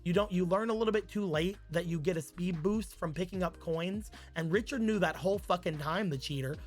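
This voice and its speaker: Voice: medium pitch, fairly quick, faint music behind. A streamer casually telling a rambling, crude made-up story on a live stream, with many "like"s.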